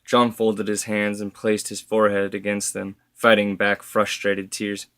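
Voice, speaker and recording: A man reading his story aloud as narrator, steady with occasional self-corrections. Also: on the low side, unhurried, dry recording.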